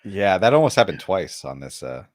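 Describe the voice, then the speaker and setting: A very low-voiced man chatting casually on a wrestling podcast, easygoing and quick to laugh. His pitch jumps around a lot as he talks. The sound is dry and close to the mic. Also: very animated, no room sound. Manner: laid-back, agreeable, laughs often. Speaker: podcast co-host.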